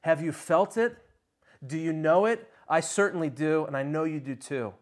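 A man preaching a sermon, swinging between soft, low passages and loud, ringing ones, with slow, dramatic pauses. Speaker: pastor.

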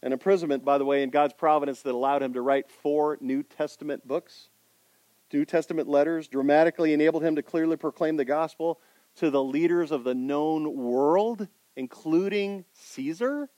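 A man preaching a sermon, putting rhetorical questions to his congregation and swinging between loud emphasis and quiet intensity. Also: fairly high pitch, moderate pace, no echo. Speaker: pastor.

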